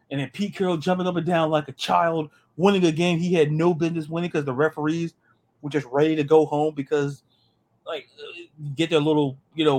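Man, podcast host, casual sports chat, animated, higher pitch. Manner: animated, repeats words, joking asides.

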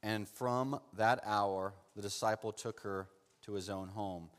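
Male pastor preaching, loud then hushed, lots of hall echo. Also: on the low side, fairly even intonation, measured pace. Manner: dramatic preaching that swings from loud and fervent to hushed and soft; addresses listeners as "saint". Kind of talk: sermon with Bible reading. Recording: long hall reverb.

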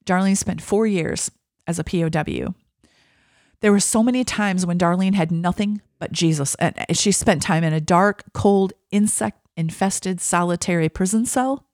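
Earnest chatty woman with a low voice. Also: moderate pace, darkish tone, no room sound, clean studio sound. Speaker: Christian vlogger. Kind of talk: casual chat and reading a book aloud.

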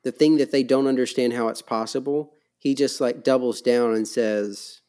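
A man with a mellow, mid-pitched voice makes his points about a Bible passage in relaxed conversation. He leans on key words and keeps asking "right?" to check that his partner follows. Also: normal speed, few pauses. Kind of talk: casual Bible discussion.

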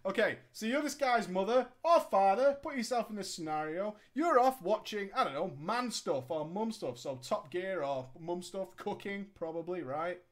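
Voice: medium pitch, expressive, normal speed, few pauses. A storyteller reading a gaming story aloud and riffing on it sarcastically, swearing and laughing at it. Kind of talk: comedic story reading with commentary.

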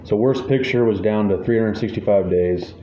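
Low mellow-voiced man reading a list. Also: moderate pace. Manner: reads lists, wry asides, chuckles. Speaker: podcast host reading award nominees. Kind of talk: casual podcast chat. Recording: echoey room, dull lo-fi sound, faint noise.

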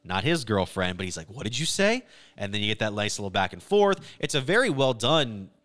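A man co-hosting a casual podcast, retelling a film plot in an animated way with quick quoted lines. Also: on the low side. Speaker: podcast co-host. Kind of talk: casual movie recap chat.

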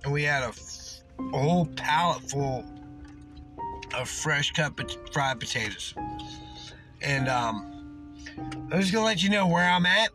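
A man with a Missouri accent, a bit drunk, hosts his podcast in a high, excitable voice, swearing his way through a rambling story. Music plays clearly behind him. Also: unhurried, pauses often, poor audio. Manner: profane, excitable, slurring a little. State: tipsy. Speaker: podcast host.

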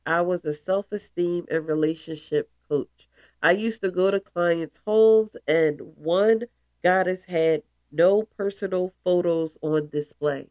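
A congested, stuffy-voiced woman hosts a spiritual show, talking slowly and leaning hard on key words. She drops playful asides between her points, and her voice sounds close and dry with no room around it. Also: fairly low pitch, darkish tone, no room sound. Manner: emphatic, playful asides, calls listeners goddesses. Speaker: spiritual podcast host. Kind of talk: casual spiritual talk.

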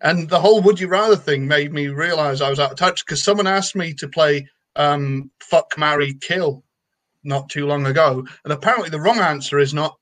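A man's voice: fairly high pitch, moderate pace, a bit bright. A middle-aged man hosting an online comedy show, bantering with wry, self-deprecating humour.

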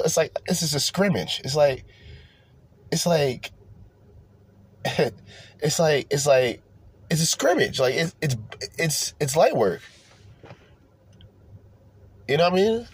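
A man's voice: fairly high pitch, a little slow, pauses often, breathy edge. A man hosting a podcast, ranting casually with lots of swearing, restarts and repeated phrases. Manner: animated, profane, rambling with repeated restarts. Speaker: podcast host. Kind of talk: casual profane rant.

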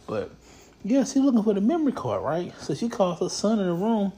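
A man hosting a show, giving casual, comedic commentary on news stories in a blunt, profane, animated way. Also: high-pitched, fairly quick.

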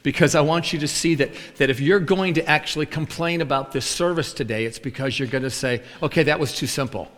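A man's voice: a little high, a little fast, hardly any pauses. A male preacher telling a story in a sermon, acting out the voices of the people in it. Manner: animated storyteller acting out both sides of a dialogue. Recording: long hall reverb.

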